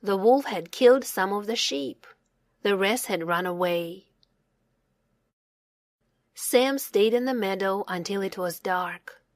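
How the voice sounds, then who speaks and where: A woman narrating a children's storybook in a slow, expressive read-aloud manner. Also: mid-range voice, no room sound, clean studio sound.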